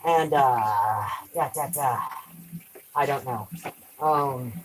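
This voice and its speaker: A woman's voice: rumbling low, extremely slow, a little hiss or hum, low-quality recording. A woman chatting casually on a live stream while doing dishes at home, rambling, trailing off and swearing lightly.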